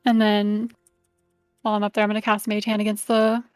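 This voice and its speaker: A woman's voice: medium pitch, monotone, a little fast, clear, resonant tone, dry recording, faint music behind. A woman playing a tabletop game, asking questions in an unsure way. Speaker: player. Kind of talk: casual tabletop talk.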